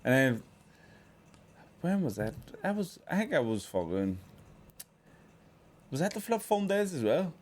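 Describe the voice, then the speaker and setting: A man's voice: on the high side, big pitch swings, measured pace, long pauses, a little mellow, a little hiss or hum. Laughing man telling stories. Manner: swearing, laughing storyteller. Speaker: podcast co-host. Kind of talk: casual chat.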